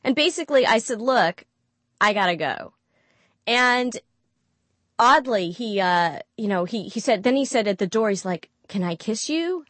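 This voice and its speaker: A woman telling a personal story in an interview, candid and animated, acting out the dialogue she quotes. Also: mid-range voice, moderate pace, no room sound. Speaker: guest storyteller.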